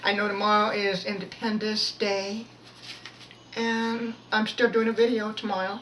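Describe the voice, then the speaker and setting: A woman giving a casual, rambling devotional talk with a prayer, often restarting her sentences and pushing her voice to be loud. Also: medium pitch, little pitch movement, a little slow. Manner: rambling, many restarts, pushes to speak loud. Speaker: devotional video speaker. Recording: voice from far off the mic, faint noise.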